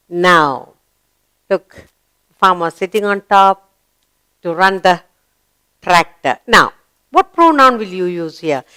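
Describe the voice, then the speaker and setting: A woman's voice: a little high, smooth. A woman teaching young children a grammar lesson, asking questions and praising each answer.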